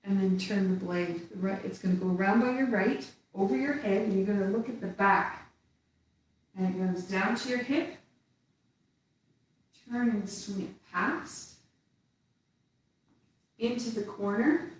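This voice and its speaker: A woman teaching tai chi, giving calm cues while she moves through the form. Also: mid-range voice, far from the mic. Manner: calm, slow cues spoken while moving. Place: indoor room with little space. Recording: very echoey room, voice away from the mic.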